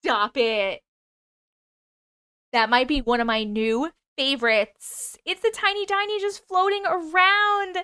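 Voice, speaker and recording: A woman hosting a casual livestream, chatting with viewers and rattling off quick thank-yous for gifts, excitable and prone to laughing and swearing. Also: high-pitched, no echo, clean studio sound. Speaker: livestream host. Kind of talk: casual livestream chat, reading comments and thanking gifters.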